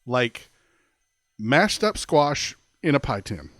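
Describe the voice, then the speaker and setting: Man, podcast co-host, casual storytelling, lively swooping pitch, dry close sound. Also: takes it slowly, no echo. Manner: animated, laughing storyteller.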